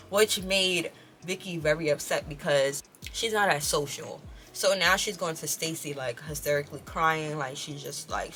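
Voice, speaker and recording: Animated, slangy woman telling a story. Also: deep voice. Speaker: vlogger. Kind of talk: casual storytelling vlog.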